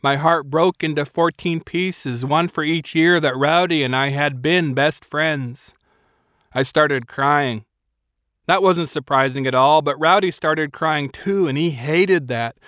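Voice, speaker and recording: A man's voice: a little high, unhurried, fairly bright tone, no echo, clean studio sound. A man narrating a first-person audiobook in a wry, self-mocking storytelling manner.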